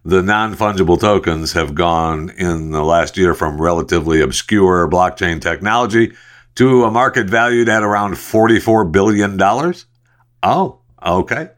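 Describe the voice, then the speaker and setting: A man's voice: sits low, moderate pace. A man hosting a solo podcast, reading news stories and adding rambling, sarcastic asides with lots of fillers. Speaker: podcast host. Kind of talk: casual solo news commentary.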